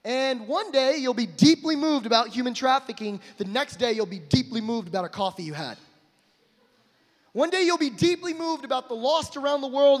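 Young man, preacher, emphatic sermon, high voice, long hall reverb. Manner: emphatic, swings between shouting and hushed asides. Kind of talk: energetic sermon to a live crowd.

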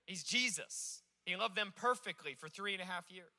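High, bright-voiced joking preacher. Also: male voice, normal speed. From Alaska. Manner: animated, joking storyteller. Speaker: pastor. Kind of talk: sermon. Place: on a stage.

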